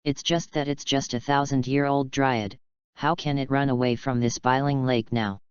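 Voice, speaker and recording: A man voicing a cold, calm young male swordsman with curt, clipped lines in a storybook reading. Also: medium pitch, normal speed, clear, resonant tone, no echo, natural voice. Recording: dry, slightly dull lo-fi audio.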